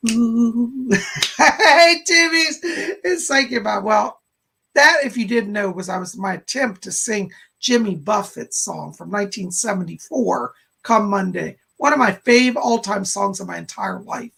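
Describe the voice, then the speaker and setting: A man hosting a casual live stream as a psychic, a little hoarse and tired, chatty and laughing as he greets viewers. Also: high voice, a little slow, bright, forceful tone. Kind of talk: casual livestream chat.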